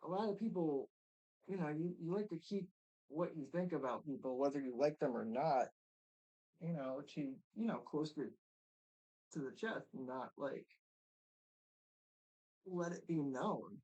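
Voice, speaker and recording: A man's voice: a little high, a little slow, long pauses, darkish tone, low-quality recording. A man streaming live, chatting casually and rambling while he reacts to a video. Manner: rambling, with many fillers and restarts.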